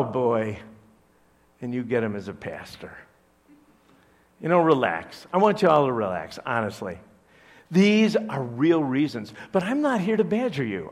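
A man from Chicago, a pastor, preaching a conversational sermon to his church with joking asides. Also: medium pitch. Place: church service.

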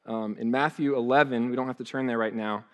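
A man's voice: mid-range voice, fairly even intonation, brisk. A male pastor, preaching a sermon in a loose, conversational way with frequent restarts and asides.

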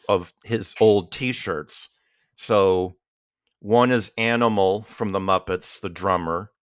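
A man co-hosts a podcast, chatting casually and rambling, full of fillers and false starts. His voice is lowish and a touch bright, with a clear, resonant tone. The studio recording is clean, with no echo.

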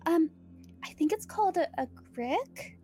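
A woman's voice: extremely high pitch, lively intonation, unhurried, mellow. A woman playing a tabletop game, partly in character, chatty and giggly. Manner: chatty, giggly, slips into a put-on accent. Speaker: player.

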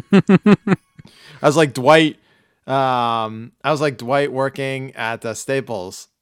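A man's voice: medium pitch, slow, clear, resonant tone, dry recording, clean studio sound. A man hosting a casual podcast chat, rambling and self-deprecating, laughing often. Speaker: podcast host.

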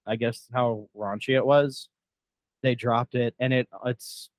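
A man's voice: medium pitch, fairly even intonation, a little slow, crowd noise. A man co-hosting a podcast, chatting casually about a movie and often laughing as he retells scenes. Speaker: podcast co-host.

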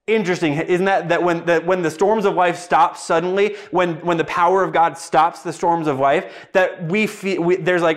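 A man's voice: high-pitched, fairly even intonation, normal speed, hardly any pauses. A man preaching a sermon, hammering points home through repetition and strings of rhetorical questions. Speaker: pastor.

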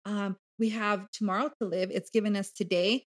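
A woman speaking as a podcast guest in candid, casual conversation, animated and blunt, swearing freely. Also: medium pitch, normal speed. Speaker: podcast guest, bariatric coach.

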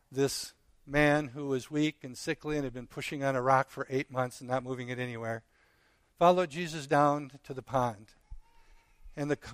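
A man preaching, telling a parable with earnest, slow dramatic pauses. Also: on the high side, fairly bright tone, clear, resonant tone, no echo. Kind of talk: sermon storytelling.

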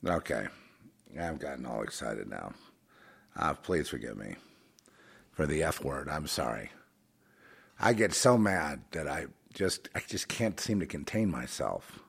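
A man delivering a rambling religious monologue, swinging between fervent outbursts and quiet, halting asides full of restarts. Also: rumbling low, animated, vocal fry, heavy background noise. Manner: many restarts and fillers, conversational.

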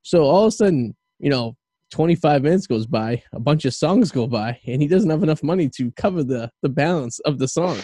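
A man's voice: on the high side, animated, brisk, mellow, dry recording. A man from the Boston area, hosting a podcast and telling profane stories in casual chat, laughing as he goes. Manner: profane, laughing anecdotes with acted quotes. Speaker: podcast host.

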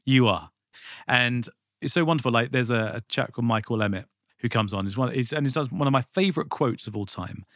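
A man's voice: mid-range voice, fast talker, a bit bright, no echo, studio quality. A man hosting a faith podcast, talking in a chatty, rambling way with many fillers. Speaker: podcast host. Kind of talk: casual chat.

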